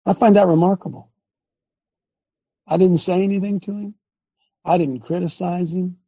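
A man leading a relaxed group discussion tells stories in a folksy, drawn-out way and keeps asking the group for agreement. His voice is husky and mellow. The sound is dry and close, as on a video call. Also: high-pitched, dry recording. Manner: folksy, drawn-out storytelling with rhetorical asides. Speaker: host and Bible study leader called Coach.

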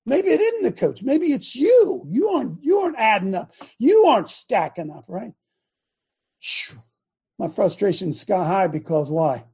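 An older man hosting a show, preaching a fiery rant that swings between yelling and low muttering. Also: husky. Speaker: host and preacher.

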